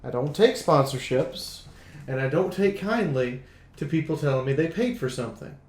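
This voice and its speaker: A man's voice: a little high, animated, normal speed, a little mellow. A man hosting and running a live-streamed tabletop game, rambling and teasing, with stammering restarts. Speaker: game master and stream host. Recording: roomy echo.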